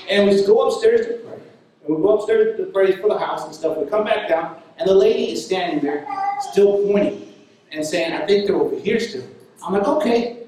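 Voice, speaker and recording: Male preacher, high voice, animated storytelling, very echoey hall, distant mic. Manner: animated storytelling, laughs while telling. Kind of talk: sermon storytelling.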